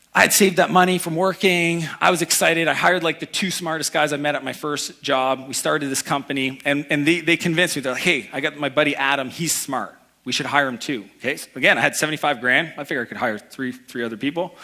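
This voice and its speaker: A man giving an energetic motivational talk to a live audience, telling personal stories and acting out the people in them. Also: a little high, creaky. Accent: Canadian. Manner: energetic storytelling, acts out voices in anecdotes. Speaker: keynote speaker. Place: event hall before a live audience.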